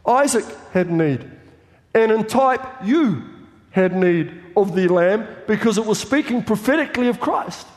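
A man preaching a fervent sermon, building up to shouts as he presses his point. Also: sits high, animated, a little slow. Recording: long reverb of a large hall.

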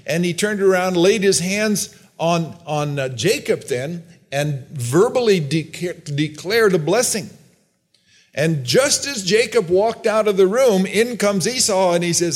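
This preacher speaks in a high, animated voice at a measured pace. Delivering a sermon, he reads Bible verses aloud, briefly voices the characters, and explains things loosely with restarts.

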